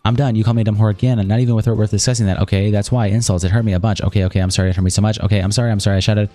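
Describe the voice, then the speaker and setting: A man's voice: lowish voice, fairly even intonation, very fast, dark tone, faint music behind. A man streaming, rattling off both sides of a heated text argument aloud with little acting. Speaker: streamer reading a document aloud. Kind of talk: rapid reading aloud of a chat log.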